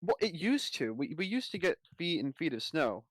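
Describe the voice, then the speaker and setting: A man's voice: fairly high pitch, sing-song, normal speed, no echo. A man hosting a live stream, chatting casually and playfully with friends, often laughing. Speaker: streamer host.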